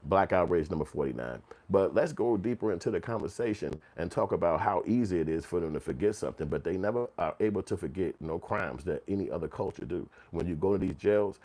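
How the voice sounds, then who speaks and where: A man's voice: deep voice, mellow. A man hosting a commentary channel, ranting heatedly and profanely, sometimes acting out quotes in mocking voices. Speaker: channel host.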